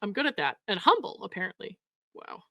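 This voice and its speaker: A woman's voice: medium pitch, sing-song, fairly quick, a bit bright, no echo. A woman hosting a commentary show, reading messages aloud and mocking them with sarcasm, swearing and frequent laughter. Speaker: commentary host.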